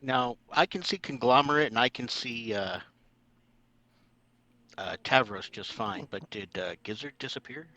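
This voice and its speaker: A man's voice: mid-range voice, unhurried, bright, forceful tone, no echo, highs cut off. A man playing a tabletop game, casually describing his character's actions. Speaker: player.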